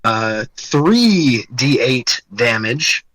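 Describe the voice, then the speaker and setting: A man explaining his game turn with a bright, forceful tone, going slowly with plenty of uh's. The sound is dry and close, with no room around it. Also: medium pitch, very animated, no echo, rough recording. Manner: halting, full of uh fillers, laughing. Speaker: player. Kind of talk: playing a tabletop game.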